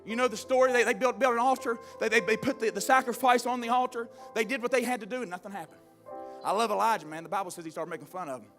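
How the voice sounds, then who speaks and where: A man preaching a sermon, telling stories with fervor and building up to shouts. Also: very high voice, steady tone, quick pace, faint music behind. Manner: fervent storytelling preacher, swells to shouting.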